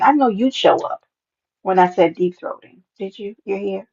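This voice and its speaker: A woman hosting a casual live stream, sassy and animated, greeting viewers by name and often jumping into a high playful voice. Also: normal speed, creaky. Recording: dull lo-fi stream audio.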